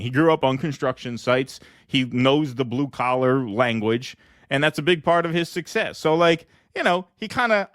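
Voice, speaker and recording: Chatty male host, somewhat high voice. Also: a bit bright, dry recording, studio quality. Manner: chatty, laughs often, trails off. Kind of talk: casual political comedy chat.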